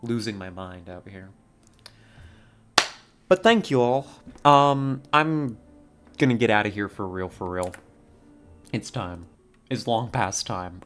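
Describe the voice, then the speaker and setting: Slow, rambling playful male streamer. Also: on the low side, a bit bright, soft background music. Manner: rambling, playful, laughs often. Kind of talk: casual stream sign-off chat.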